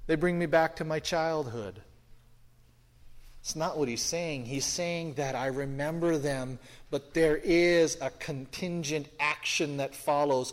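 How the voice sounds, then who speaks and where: A man with a somewhat high voice teaches scripture verse by verse. He talks in a conversational, questioning way, and his voice rings with a long hall reverb. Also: takes it slowly. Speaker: Bible teacher. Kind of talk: expository Bible teaching.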